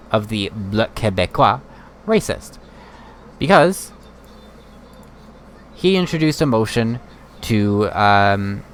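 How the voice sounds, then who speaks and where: A man streaming casual political commentary, rambling and halting with many fillers. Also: on the low side, slight background noise. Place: home streaming setup.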